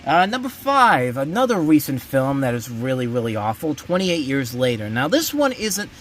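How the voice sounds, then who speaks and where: A man's voice: big pitch swings, moderate pace, a little hiss or hum. Blunt, emphatic man ranting about movies. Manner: blunt and emphatic, with many restarts and swings of pitch. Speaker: host of a movie review show. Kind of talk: casual ranting review.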